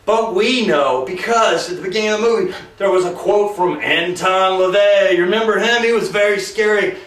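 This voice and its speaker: Brief: high-pitched male movie reviewer, sarcastic and digressive, recorded from a distance. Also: normal speed, a bit bright. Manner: jokey, sarcastic, digressive, mimics characters. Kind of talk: rambling casual movie review. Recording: roomy echo, mic far off.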